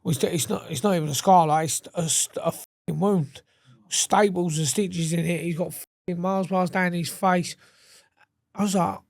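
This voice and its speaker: In a clean studio recording with no echo, a man from England talks at a normal pace in a high voice. He's a podcast guest in a casual chat, telling blunt stories with plenty of swearing, animated delivery, and repeated restarts.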